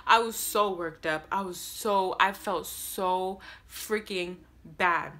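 A young adult woman vlogger telling a story about her serving job in a rambling, animated way with many restarts. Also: mid-range voice, moderate pace, few pauses. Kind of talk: storytime vlog.

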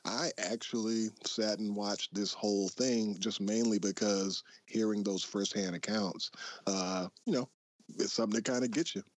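A man's voice: on the low side, steady tone, moderate pace, no echo. A man co-hosting a podcast over a remote call, talking in a thoughtful, easygoing way. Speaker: podcast co-host. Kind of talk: casual chat.

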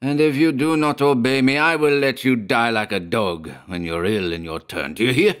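A man's voice: lowish voice, big pitch swings, moderate pace, fairly bright tone. A man voicing an angry, domineering village doctor who hectors and commands in a storybook reading.

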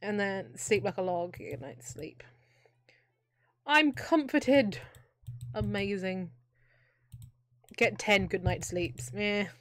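Streaming a video game, a young woman offers giggly, joking chatter and laughs a lot, though she speaks slowly with long pauses. Her voice is medium-pitched and a bit bright, with no echo in the recording.

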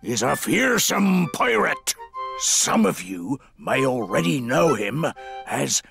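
An actor playing a hearty old male pirate dog who speaks in old-timey pirate talk with a gravelly voice, in a cartoon. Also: mid-range voice, sing-song, slow pace, music in the background, heavily acted. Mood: pirate bluster.

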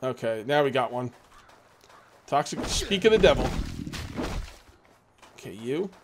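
A man's voice: medium pitch, animated, unhurried, background noise. A man hosting a let's play, talking through his gameplay in a rambling, casual way with lots of fillers. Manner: rambling, filler-heavy, chatty.

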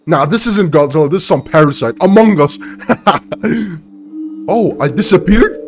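A man hosting a reaction video, exclaiming and laughing often as he comments excitedly. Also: fairly high pitch, normal speed, slight background noise.

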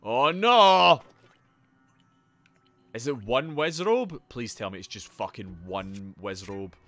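A man streaming a video game live. He is excitable and sweary, and chats to his viewers while he plays. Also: fairly low pitch, a little slow. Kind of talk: live gameplay commentary.

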